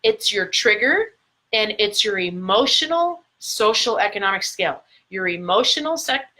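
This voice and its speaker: Woman, middle-aged, motivational speaker, bright clear tone, stretched emphatic words, recorded into a phone. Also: mid-range voice, expressive, rough recording. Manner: emphatic, drawn-out stresses on key words. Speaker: life coach. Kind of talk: motivational talk to camera. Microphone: phone or camera mic, recording a live video.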